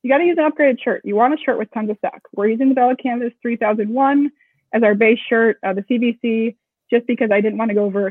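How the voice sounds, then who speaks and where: A woman co-founder of a screen printing shop, talking briskly and casually in an interview, with joking asides. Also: on the high side, no room sound. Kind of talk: casual explanatory interview talk. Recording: tinny phone-like audio, dry.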